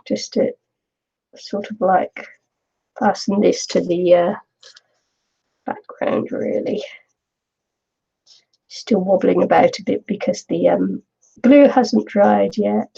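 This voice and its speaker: Slow, gravelly middle-aged woman chatting. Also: medium pitch, steady tone, mellow, muffled recording. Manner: chatty and rambling, laughs often. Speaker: craft vlogger. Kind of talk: casual chat while crafting.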